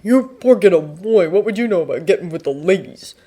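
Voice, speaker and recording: A woman's voice: mid-range voice, normal speed, dark tone, pitched above the performer's own voice, lightly acted. A woman voicing a crude, lecherous teenage boy who whines and leers, in a fanfiction audiobook reading. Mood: leering. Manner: whining, leering.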